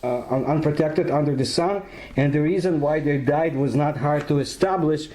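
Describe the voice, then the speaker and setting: A man narrates in English, slow and halting, pausing with fillers as he searches for words. His voice is dark and mellow, sitting a little high for a man. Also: rough recording. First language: Russian. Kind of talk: narration in a played video.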